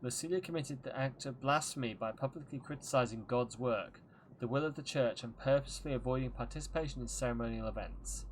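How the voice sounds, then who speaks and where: A man's voice: medium pitch, a little hiss or hum, lightly acted, rough recording. Man reading as a grave royal messenger. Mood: solemn. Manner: formal, measured reading of a letter.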